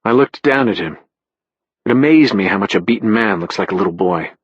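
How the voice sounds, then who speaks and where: A male narrator reads a first-person thriller in a measured, matter-of-fact manner. His low voice is husky and a little breathy. The recording is dry and slightly dull. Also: lively intonation, no room sound. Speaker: audiobook narrator.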